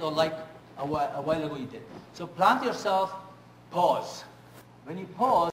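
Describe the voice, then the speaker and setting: A male speaking coach addressing a room full of trainees with animated, slightly high delivery. He often asks the audience whether they follow. The sound echoes around the room with a faint ambient hum. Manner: animated, rhetorical check-ins with the audience. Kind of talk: seminar talk with storytelling.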